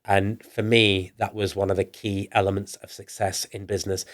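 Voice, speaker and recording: A northern English man with a fairly low voice tells his business story in a loose, rambling way. He trips into restarts and repeats himself, then slips into acting out what he and others said, all in a relaxed podcast chat. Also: normal speed. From northern England. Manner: rambling, with restarts and acted-out quoted dialogue. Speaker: entrepreneur guest. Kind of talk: casual storytelling in a podcast interview.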